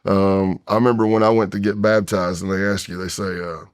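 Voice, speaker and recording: Low-pitched, clear and resonant, his flat delivery runs a little fast with few pauses. The speaker, an American retired federal agent in his fifties, guests on a long-form podcast, telling a long personal story candidly and ramblingly with frequent restarts.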